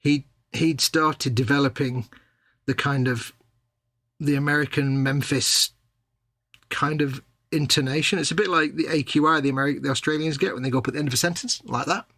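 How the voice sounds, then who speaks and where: Clean studio sound with no echo carries a man's slightly high, steady, somewhat bright voice at a moderate pace. As co-host of a model-making live stream, he chats in a rambling way, keeps restarting and reads viewers' comments out loud.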